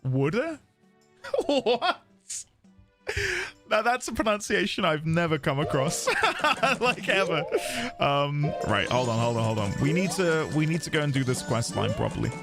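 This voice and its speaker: Man, game livestreamer, chatty, playful, fairly high voice, soft music underneath. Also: sing-song, a little slow, creaky. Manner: chatty, playful, laughs often, reads chat aloud. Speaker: livestreaming gamer. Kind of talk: casual live-stream chat.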